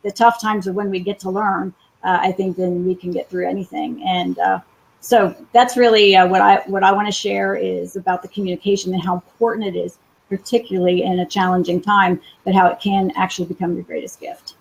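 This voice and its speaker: A woman's voice: medium pitch, steady tone, fairly quick, gravelly, low-quality recording. A woman speaking as a guest coach on a live webinar, reflecting thoughtfully with hesitant fillers. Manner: thoughtful, many fillers and restarts.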